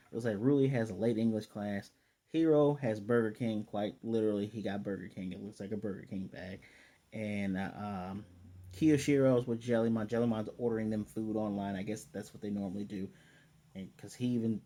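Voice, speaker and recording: Mellow-voiced man recapping an episode. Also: on the low side. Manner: rambling, retells scenes with quick voiced asides. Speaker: anime reviewer.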